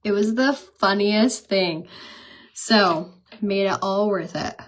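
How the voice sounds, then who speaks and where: A woman in her thirties chatting casually on a live stream while she does her makeup. She talks fast, says "like" a lot and laughs often. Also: mid-range voice. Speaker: makeup seller and vlogger. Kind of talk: casual livestream chat while doing makeup.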